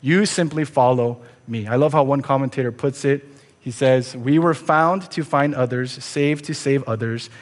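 A man's voice: medium pitch, normal speed. Earnest male pastor in a reverberant church. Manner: earnest, rhetorical questions, conversational asides. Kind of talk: sermon. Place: church sanctuary.

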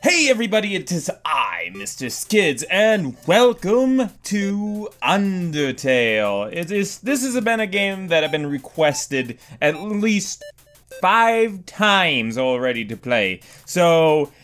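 An excitable, goofy man commentating his own gameplay, prone to sudden loud whoops. His voice sits a little high and swings widely in pitch. Faint game music plays underneath. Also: takes it slowly. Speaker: let's-play host.

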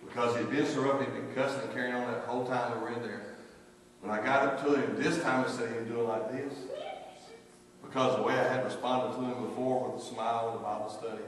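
A man's voice: mid-range voice, fairly even intonation, quick pace. Man, pastor, folksy chuckling sermon, echoey church, faint room noise. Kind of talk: sermon with anecdotes and prayer. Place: church sanctuary. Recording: echoey church hall from far off.

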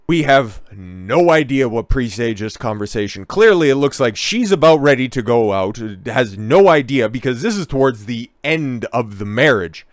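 A man's voice: medium pitch, dry recording, studio quality. A man giving heated, profane reaction commentary on a video clip. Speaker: online commentator.

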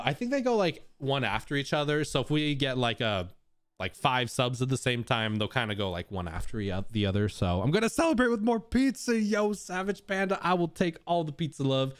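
Excitable man streaming a game. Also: mid-range voice. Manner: excitable, swings between hushed and shouting. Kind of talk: live gameplay commentary to chat.

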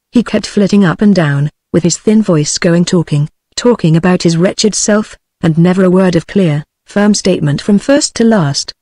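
A text-to-speech woman's voice with a British English accent, reading a classic story aloud in an even synthetic delivery. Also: on the low side, no room sound. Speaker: narrator.

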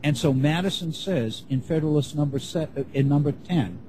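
Man, classroom lecture, warm mellow tone, a touch higher pitched, deliberate and repetitive phrasing. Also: slight background noise, low-quality recording. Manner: measured, restates and rephrases points as he goes.

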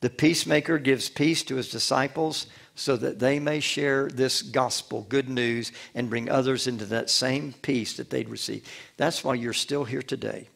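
A man's voice: mid-range voice, fairly even intonation, normal speed, creaky, a bit bright. A male pastor preaching a sermon, emphatic and repetitive, with rhetorical questions and calls to the congregation.

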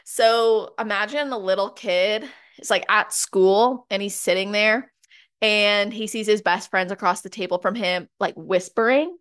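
A podcast host with a mid-pitched woman's voice shares examples in relaxed, chatty conversation. She tells little stories with casual fillers along the way. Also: a little slow, clear, resonant tone.

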